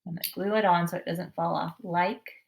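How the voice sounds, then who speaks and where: Slow, encouraging woman teaching young children. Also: fairly low pitch, steady tone. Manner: slow, clear, encouraging teacher voice, sounding out words. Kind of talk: classroom lesson for young children.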